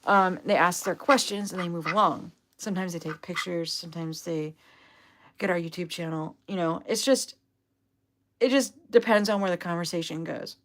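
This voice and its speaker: A woman's voice: on the low side, moderate pace. A young adult woman telling a rambling, upbeat story on a casual livestream, full of fillers. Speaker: vlogger, duck owner.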